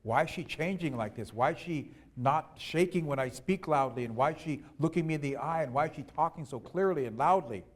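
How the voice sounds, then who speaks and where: A man voicing a huge, boastful giant from a village tale who talks in a booming, bossy voice. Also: brisk, few pauses, lightly acted. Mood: puzzled mutter.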